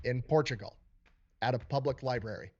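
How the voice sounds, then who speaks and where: A man casually telling a history story, animated and swearing freely as he acts out the people in it. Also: mid-range voice, brisk, muffled recording.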